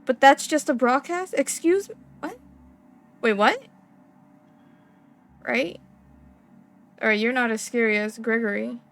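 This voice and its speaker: A young woman with a slightly high voice plays through a game, reading the on-screen text and lines aloud. She breaks into excitable, profane, slang-heavy reactions between the reading. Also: measured pace, long pauses, faint music behind. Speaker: gaming streamer.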